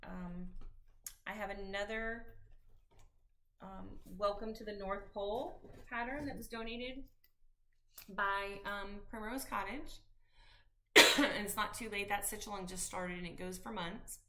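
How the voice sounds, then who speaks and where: Fifties woman, rambling home vlogger, ringing bright voice, lots of ums. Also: mid-range voice, fairly even intonation, measured pace, pauses often. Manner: rambling, warm-hearted, many ums and restarts. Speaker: cross-stitch vlogger. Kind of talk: casual chat to camera.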